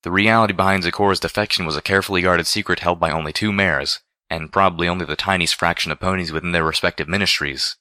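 A man reading a first-person story aloud in a measured, deliberate way. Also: sits low, fairly even intonation, bright, forceful tone, no room sound, clean studio sound. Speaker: audiobook reader.

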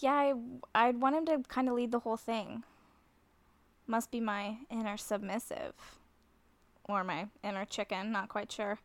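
A woman's voice: fairly high pitch, fairly even intonation, normal speed. A woman in a scripted audio role-play, flustered and self-conscious, often laughing nervously as she talks to the listener. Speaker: nervous woman talking to a friend on the phone.

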